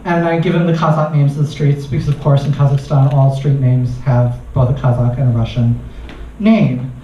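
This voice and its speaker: A man, a researcher doing stand-up, telling a comic story on stage in an animated way and laughing at his own lines. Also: medium pitch, moderate pace, slight background noise. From United States. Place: live comedy venue. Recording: distant, roomy, muffled live recording.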